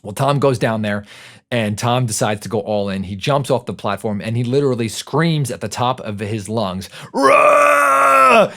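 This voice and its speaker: Low-voiced man telling a story. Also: normal speed. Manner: conversational, often checks in with "right?" and "like". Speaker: podcast host. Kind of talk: casual storytelling monologue.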